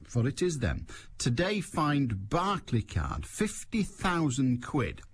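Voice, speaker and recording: A man's voice: mid-range voice, wildly swooping pitch, slow, breathy edge. A man hosting a radio call-in show, bantering in a dry, self-mocking way. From England. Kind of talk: casual chat. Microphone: studio microphone.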